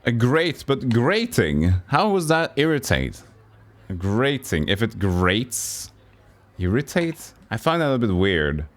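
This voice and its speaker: A Norwegian man streaming a puzzle game, thinking aloud in halting, self-correcting English. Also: medium pitch, sing-song. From Norway. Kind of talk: live game commentary.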